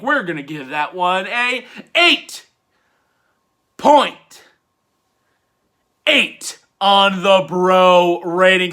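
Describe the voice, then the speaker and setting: Bright-voiced wrestling review host. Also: male voice. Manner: hype-driven, swings between loud bursts and low asides. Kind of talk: casual review commentary.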